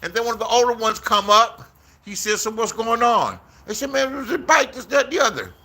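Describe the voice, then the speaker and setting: A man's voice: very high-pitched, lively intonation, brisk, bright, forceful tone. A man in his sixties from Inglewood, telling rambling, profane stories in a casual vlog and acting out the voices he quotes, recorded outdoors. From Inglewood, Los Angeles, USA. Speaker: YouTuber.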